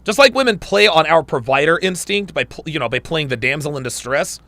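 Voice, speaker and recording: Male host, gravelly and a touch high-pitched, emphatic and repetitive, dry close sound. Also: animated, a little fast, sharp tone, no echo. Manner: emphatic, repeats phrases while building a point. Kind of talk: livestream commentary.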